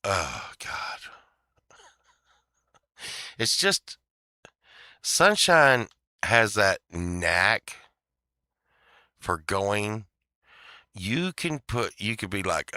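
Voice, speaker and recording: Slow-talking, sharp-voiced profane storyteller man. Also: low voice, sing-song, dry recording, studio quality. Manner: profane, laughs a lot, trails off. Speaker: vlogger telling a story. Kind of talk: rambling casual storytelling.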